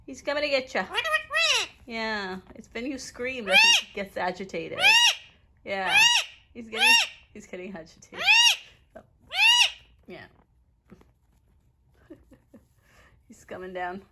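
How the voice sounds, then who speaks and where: A woman's voice: mid-range voice, a little slow, pauses often, heavy background noise. A woman at home talking baby talk to her pet parrots. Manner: sing-song baby talk to birds. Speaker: pet owner. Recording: loud parrot squawks behind.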